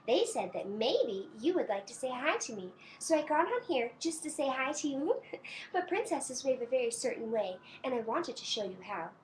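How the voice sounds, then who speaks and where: A young woman playing a sweet, doting princess in a birthday greeting, talking slowly and sing-song to a small child with soft giggles and pauses for answers. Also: high voice, very animated, a little hiss or hum. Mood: cheerful. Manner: talks slowly to a toddler, pausing for answers. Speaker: costumed princess character.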